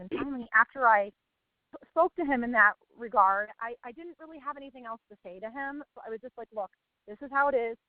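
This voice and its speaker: A woman tells a story on a coaching call, her voice sitting a little high. She talks casually and breaks into laughter between her words. The sound is dry and tinny, like a phone line. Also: no room sound.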